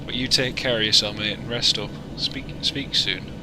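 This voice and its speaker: A young flight sim streamer with a fairly low voice and fairly even intonation chats and jokes with viewers at normal speed while flying a simulator live. It's casual, jokey live-stream talk as he works, with background noise behind him.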